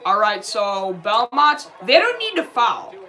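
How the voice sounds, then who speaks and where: Young man, live sports reactor, excitable, bright voice, home stream. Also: very high-pitched, a little slow. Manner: excitable, yells at the game, then apologizes. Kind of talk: live reaction to a basketball game. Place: home room, dog nearby.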